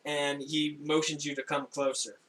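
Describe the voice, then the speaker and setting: A young man narrating a tabletop game as game master, in a casual, halting way with frequent laughs. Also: fairly high pitch, flat delivery, a bit bright, slight background noise, poor audio. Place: home room, recorded for a stream.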